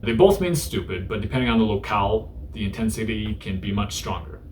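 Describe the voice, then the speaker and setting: A man's voice: lowish voice, expressive, brisk, over loud music. A man hosting a casual Japanese vocabulary lesson, talking in a laid-back, joking way with many fillers. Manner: joking, irreverent. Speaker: host teaching Japanese through news.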